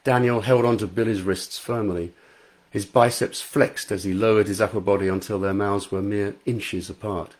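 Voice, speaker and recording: A man's voice: fairly low pitch, fairly even intonation, moderate pace. A male author reading his own novel aloud in a live stream from his front room, chatting and laughing easily between passages.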